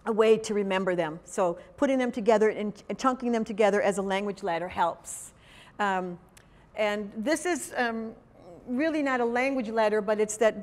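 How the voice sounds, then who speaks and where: A woman's voice: medium pitch, darkish tone. A woman giving a conference workshop to language teachers, talking conversationally with many fillers and quizzing the audience. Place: large conference hall. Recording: long hall reverb.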